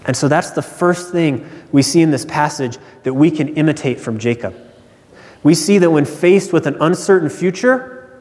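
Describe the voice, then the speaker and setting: A man's voice: fairly high pitch, darkish tone. A male pastor preaching a sermon in earnest, stressing key phrases by repeating them. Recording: long hall reverb.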